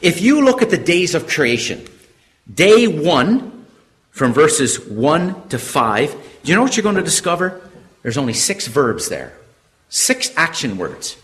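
A man preaching an expository sermon, with a somewhat raised voice that swings widely up and down. He reads verses aloud slowly and deliberately. As he drives his points home, he climbs into fervent, emphatic peaks. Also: huge pitch swings, fairly bright tone. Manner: emphatic, building to fervent high-pitched stresses. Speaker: Bible teacher.

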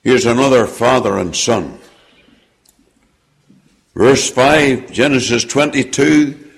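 A man preaches a sermon and reads scripture aloud, delivering it slowly and emphatically, his creaky, husky voice sinking low and quiet at the ends of phrases. Long hall reverb fills the recording.

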